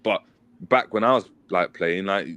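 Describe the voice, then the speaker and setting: Man, 30s, chatty former player, lowish voice, slangy and animated storyteller. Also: measured pace, clean tone, dry recording, dull audio. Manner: animated storytelling, mimics a shouting coach. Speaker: former footballer, podcast guest. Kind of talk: casual chat.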